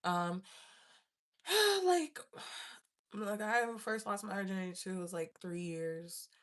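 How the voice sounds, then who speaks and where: A vlogger with a mid-range voice speaks at a slow pace as she casually tells her viewers a story. The young woman laughs a lot and acts out her own past panic with animation.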